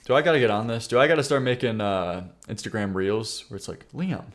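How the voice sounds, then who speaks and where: A man's voice: fairly low pitch, lively intonation, fairly quick, few pauses. A man streaming live, chatting casually as he reacts to viewer submissions, rambling, stammering and laughing often.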